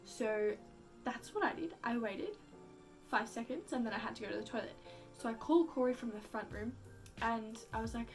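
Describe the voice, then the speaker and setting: A woman's voice: a little high, moderate pace, a little mellow, soft background music. A young woman telling a story casually, full of "like" fillers and acted-out quotes, with casual swearing. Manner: chatty, heavy use of "like" fillers. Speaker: vlogger.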